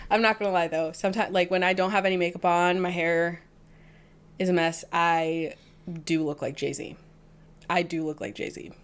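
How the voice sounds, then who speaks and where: A woman's voice: on the low side, fairly even intonation, normal speed, clean tone. A woman from the American South co-hosting a podcast, talking in a playful, joking, self-mocking way. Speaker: podcast co-host. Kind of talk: casual chat.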